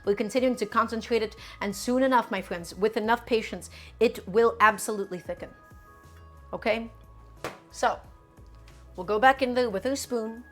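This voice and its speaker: A woman's voice: a little high, moderate pace, faint music behind. A woman hosting a live cooking show from a home kitchen. She gives emphatic instructions, repeats key steps and speaks straight to her viewers.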